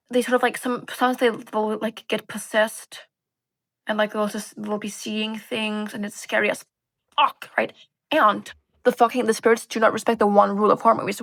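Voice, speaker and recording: A young woman vlogging in casual chat, animated and sarcastic, swearing a lot and tagging lines with "like" and "right?". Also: mid-range voice, gravelly, dry recording. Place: bedroom.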